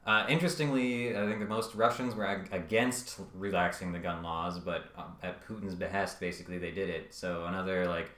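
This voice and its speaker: A man's voice: low-pitched, steady tone, brisk, hardly any pauses, fairly bright tone, roomy sound. A man giving casual commentary on a video essay, with frequent ums and uhs and wry asides.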